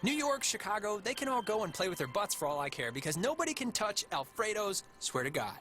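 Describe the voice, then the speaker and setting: An actor playing a chatty, excitable teenage boy in a video game, rambling and joking as he talks. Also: high voice, brisk, faint music behind, full character voice. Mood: teasing. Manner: rambling, animated, jokey.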